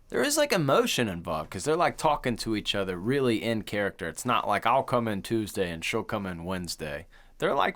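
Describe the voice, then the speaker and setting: A man's voice: on the low side, fairly bright tone. A young adult man co-hosting a podcast in casual chat, laughing a lot as he retells scenes and quotes lines. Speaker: podcast co-host.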